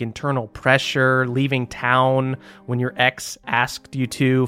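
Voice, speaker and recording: A man's voice: mid-range voice, a bit bright, smooth. A young man running a tabletop game as game master, telling the story dramatically in a loose, swearing, casual way.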